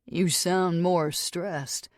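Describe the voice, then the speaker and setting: A woman voicing a gentle, teasing male bartender who speaks softly with a Texan accent. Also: high voice, normal speed, no room sound, clean studio sound, close to an everyday voice. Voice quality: soft voice.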